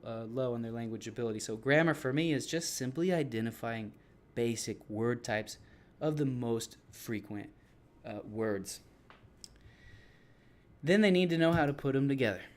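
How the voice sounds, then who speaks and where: With a mid-range voice, a man who teaches English describes his classroom activities to fellow teachers. His explanation is casual and meandering, full of restarts.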